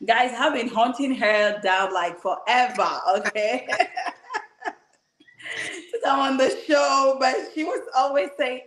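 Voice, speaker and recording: A woman hosting a live-streamed talk show, chatty and quick to laugh, thanking viewers and welcoming her guest. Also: sits high, fairly bright tone, echoey room. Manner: chatty, laughs often, calls guests "girl". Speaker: host.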